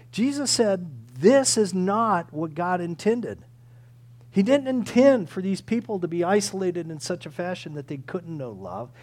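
A man's voice: on the high side, mellow. A man preaching a sermon, earnest and emphatic, acting out quoted prayers and pleas.

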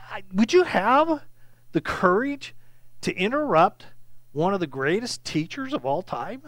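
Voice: mid-range voice, lively intonation, unhurried, bright, forceful tone, no room sound. A Bible teacher giving an informal, conversational lesson to a small group, often checking in with "okay?" and acting out the scripture dialogue.

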